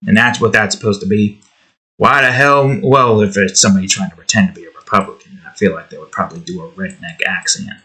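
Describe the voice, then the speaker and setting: A man's voice: fairly low pitch, steady tone, quick pace, a bit bright. A man hosting an art video, rambling in a profane, sarcastic way while he draws. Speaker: art channel host. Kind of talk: casual commentary while drawing.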